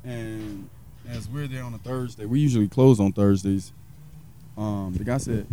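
Man from South Carolina, a pitmaster in a relaxed interview, warm dark tone and a low voice, rambling a bit. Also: normal speed, slight background noise. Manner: rambling, many fillers, acts out quoted people. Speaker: pitmaster and restaurant owner. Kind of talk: casual interview storytelling.

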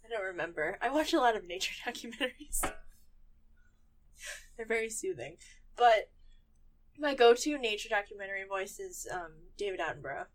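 A woman's voice: mid-range voice, animated, normal speed, pauses often, a little hiss or hum. A young woman co-hosting a casual podcast chat, laughing often and trailing off with fillers. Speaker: podcast co-host.

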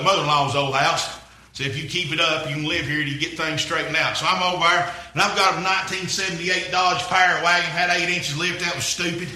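A man's voice: fairly high pitch, bright, forceful tone, echoey room, low-quality recording. A man preaching a rambling, folksy story-sermon, repeating himself as he goes.

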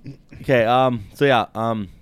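A man's voice: medium pitch, normal speed, a little hiss or hum. Laid-back man in his twenties. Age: 20s. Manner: laid-back, swearing, laughs a lot. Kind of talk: casual chat.

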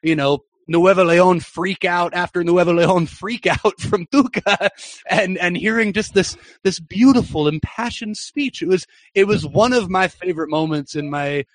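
Young man, animated storyteller, higher voice. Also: normal speed, no room sound. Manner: animated, excited anecdote-telling. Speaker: soccer journalist and broadcaster, podcast guest. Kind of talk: storytelling in a podcast interview.

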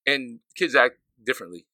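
A man co-hosting a podcast, easygoing and animated, who laughs often while he talks. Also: mid-range voice, normal speed, dry recording. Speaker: podcast co-host. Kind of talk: casual chat.

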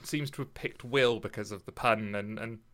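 A man's voice: lowish voice, normal speed, a bit bright. A man in a casual literary discussion, thinking aloud with frequent restarts and hesitations. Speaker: podcast co-host discussing poetry.

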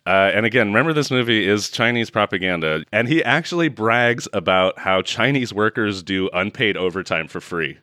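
A man co-hosting a casual podcast, telling a movie's plot with sarcasm. His pitch jumps around a lot as he laughs at the absurd parts, and the recording is close and dry. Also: animated, moderate pace, hardly any pauses, sharp tone, no room sound. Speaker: podcast co-host. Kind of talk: casual movie recap chat.

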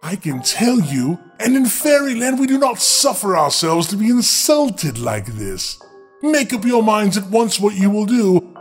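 A man voicing a menacing old fairy woman who cackles and makes imperious threats in a storybook reading. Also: sits high.

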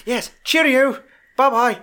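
Man squeaking out a shrill, prissy older dad. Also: takes it slowly, sharp tone, smooth, exaggerated voice. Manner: exaggerated high, mocking comic impression.

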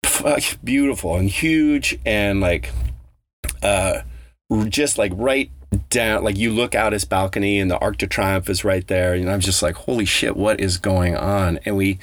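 This man's voice is fairly low and unhurried. Hosting a podcast, he tells a travel story in a loose, rambling way, full of swearing and restarts.

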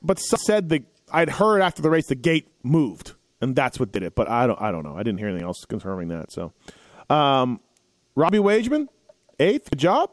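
This man chats casually as host of a racing podcast, correcting himself and rambling while he goes through the results. His medium-pitched voice swings hugely in pitch, moves fairly quickly, and has no echo.

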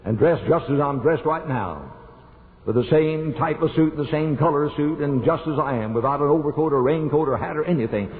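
An older man preaches, telling a personal story and pushing his voice up high for emphasis. The recording is thin and phone-like. A long reverb from the church hall trails behind each phrase. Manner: storytelling, emphatic rises in pitch. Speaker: pastor. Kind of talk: sermon.

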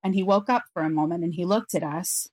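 A woman guest on an interview podcast, telling a personal story in an earnest, reflective way with frequent pauses. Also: fairly low pitch, a little mellow, no echo.

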